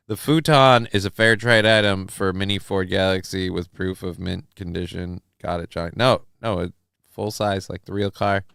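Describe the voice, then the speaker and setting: A man's voice: low-pitched, steady tone, moderate pace, vocal fry, fairly bright tone, clean tone, no room sound, clean studio sound. A young man hosting a live stream, reading the chat and ranting in a crude, sarcastic, profane way. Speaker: livestream host reading chat.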